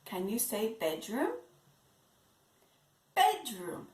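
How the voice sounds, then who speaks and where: A woman teaching English to young children in an online lesson, slowly repeating words for them to copy. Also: on the high side, big pitch swings, a little mellow. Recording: echoey room.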